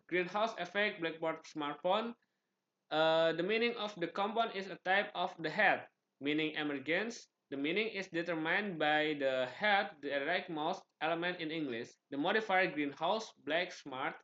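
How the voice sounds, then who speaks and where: Indonesian-accented male student presenter, a touch high, clipped slide-reading delivery, muffled low-fi sound. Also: fairly bright tone. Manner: reads slide items in short clipped phrases, with restarts.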